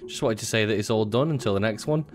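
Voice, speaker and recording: A young man hosting a gaming video, chatting casually with friends, excitable, swearing and laughing often. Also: lowish voice, fast. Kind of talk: casual gameplay chat with friends. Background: game music.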